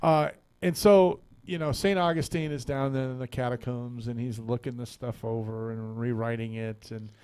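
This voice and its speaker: A man's voice: medium pitch, fairly even intonation, normal speed, hardly any pauses, a little mellow, smooth. A man hosting a radio talk show, chatting casually and telling a rambling joke, laughing often and repeating words as he goes. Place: radio studio.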